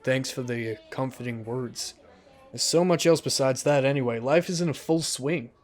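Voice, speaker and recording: A man of middle pitch narrates a visual novel in first person and breaks off now and then to joke about his own reading. Faint music plays under his voice. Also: moderate pace. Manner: joking, self-deprecating. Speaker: let's play host.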